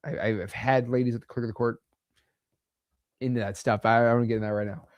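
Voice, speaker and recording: A US man gives casual to-camera lessons on real estate wholesaling, chatty and blunt, emphatic, with slang thrown in. He speaks at medium pitch in a steady tone and fairly quickly; there's no echo, though the highs are cut off.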